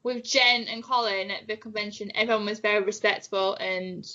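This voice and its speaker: A woman with a bright, forceful voice speaks in a measured, matter-of-fact way during a podcast chat. Her mic sounds muffled. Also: medium pitch, steady tone. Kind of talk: casual group chat.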